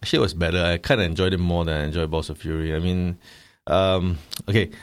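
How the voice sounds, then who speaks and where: A man's voice: low-pitched, steady tone, fast, clear, resonant tone. A man co-hosting a casual film review chat, wry and joking, with short reactions.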